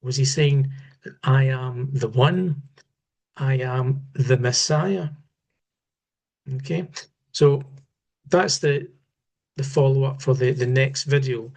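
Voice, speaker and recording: A man explains scripture in a slow, deliberate way, pausing and restarting his phrases as he thinks. His voice sits at an ordinary middle pitch, and his tone is that of an unscripted study lesson. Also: fairly even intonation, creaky, a little mellow. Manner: measured, halting, with repeated restarts. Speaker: Bible teacher. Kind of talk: unscripted Bible study talk.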